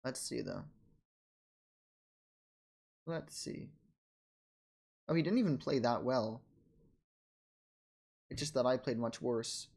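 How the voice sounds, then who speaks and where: A man in a casual chess vlog, narrating his own game in quick bursts and scolding himself for his mistakes. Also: mid-range voice, gravelly, a little mellow, husky. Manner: frustrated, self-critical, talks in quick bursts and trails off. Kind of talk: casual self-commentary over a chess game.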